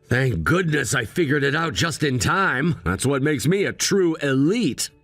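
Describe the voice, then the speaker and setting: An actor playing an arrogant, snobbish young fiancé who talks down to people in a sneering, condescending way. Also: male voice, medium pitch, expressive, measured pace, fairly bright tone, no room sound, faint music behind. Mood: contemptuous. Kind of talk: voiced drama narration.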